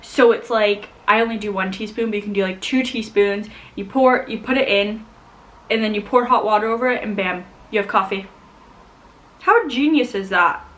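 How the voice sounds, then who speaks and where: A young woman from the United States chatting casually to camera as a vlogger, animated and full of "like". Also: mid-range voice, normal speed, poor audio. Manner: chatty, animated, heavy use of "like". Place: home in Scotland.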